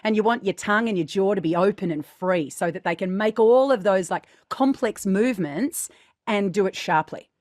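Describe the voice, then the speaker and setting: A woman's voice: mid-range voice, moderate pace, darkish tone, dry recording, studio quality. Woman coaching diction on a podcast. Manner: explains patiently with frequent "right?" and "okay?" check-ins. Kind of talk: instructive podcast chat.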